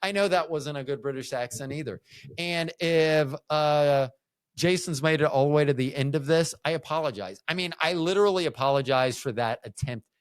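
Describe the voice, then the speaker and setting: A man's voice: a little high, normal speed, smooth, dry recording, studio quality. A man hosting a solo podcast, rambling through jokey asides with frequent restarts. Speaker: podcast host.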